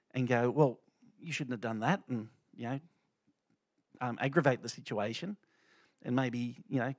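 At church, a middle-aged man shares his testimony as a lay speaker, talking casually with many fillers and restarts. His voice falls in a typical male range, and the audio is dry with no echo.

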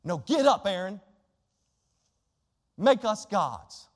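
Pastor guy preaching, really high voice, reads bible verses out loud, long echo in a church. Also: sing-song, slow. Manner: emphatic preaching, reads scripture aloud. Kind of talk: sermon. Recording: long hall reverb.

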